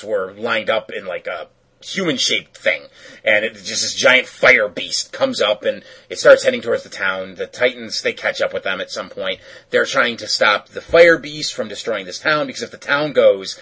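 A man's voice: lowish voice, sharp tone, slightly rough, poor audio. A man casually recapping a cartoon episode, rambling with lots of fillers and self-corrections.

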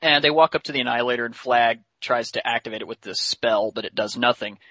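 A man's voice: medium pitch, quick pace, bright, forceful tone, no room sound, low-quality recording. Chatty man recapping a cartoon. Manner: chatty, laughs often, many fillers. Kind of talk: casual episode recap.

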